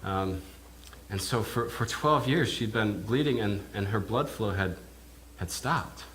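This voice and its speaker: A man, a minister, telling a sermon in character as a first-person eyewitness, halting and repeating words as he goes. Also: fairly low pitch, expressive, fairly bright tone, slight background noise. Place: church.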